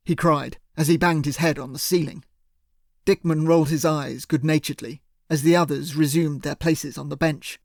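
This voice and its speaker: A man reads a first-person audiobook in a steady, measured way. His voice sits a little high with a gravelly rasp, and the recording is close and bone-dry. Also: no echo. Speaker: audiobook narrator.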